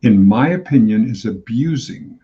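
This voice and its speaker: A man co-hosting a casual live discussion, speaking haltingly and repeating words as he searches for them. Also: mid-range voice, lively intonation. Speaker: co-host. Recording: dull lo-fi sound.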